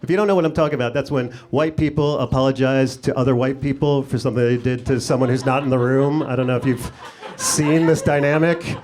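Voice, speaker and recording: A man doing a stand-up comedy set on a club stage with a handheld mic, sarcastic, his pitch jumping up for punchlines and acted-out voices. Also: fairly even intonation, quick pace, darkish tone. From United States. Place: comedy club stage before a laughing audience.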